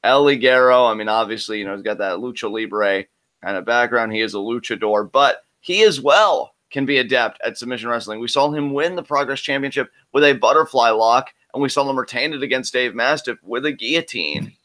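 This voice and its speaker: A man's voice: mid-range voice, a little fast, pushed and bright. A man co-hosting a live reaction show, breaking down what he watches and making predictions with many "I mean"s. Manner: analytical, talks through predictions with many "I mean"s. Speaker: co-host of a wrestling reaction show.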